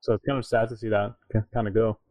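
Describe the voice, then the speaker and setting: A man's voice: on the low side, little pitch movement, fast, darkish tone, no echo, low-quality recording. A man co-hosting a podcast in casual chat, laid-back and agreeable, often answering with short replies. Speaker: podcast co-host.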